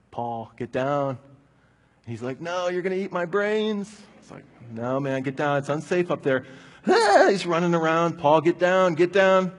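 A man preaching a sermon, telling a personal story in a conversational way before drawing his point from it. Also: mid-range voice. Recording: long hall reverb.

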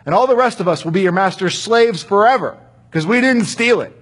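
A man's voice: sits high, lively intonation, brisk, a bit bright, husky, voice pushed up, exaggerated voice. A man voicing a group of frightened grown brothers who protest anxiously in a Bible story retelling. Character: group of panicked adult brothers.

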